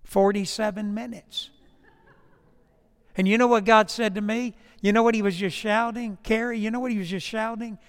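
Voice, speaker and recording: A pastor with a notably high voice delivers a sermon in a slow, emphatic cadence. He sinks to a soft, confiding tone when telling stories. The sound rings with a long reverb, and his mic crackles now and then. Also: fairly even intonation, smooth. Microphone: lapel or stage mic.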